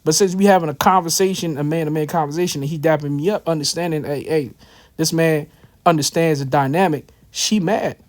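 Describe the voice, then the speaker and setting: A man's voice: a little high, a little fast. A man giving casual scripture commentary, telling a personal story in a loose, slangy way with many fillers and asides. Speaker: religious teacher.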